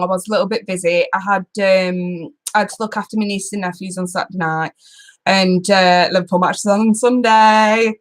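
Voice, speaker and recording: A young woman with a medium-pitched, fairly bright voice hosts a casual tarot live stream. She chats with her viewers, laughing and swearing often.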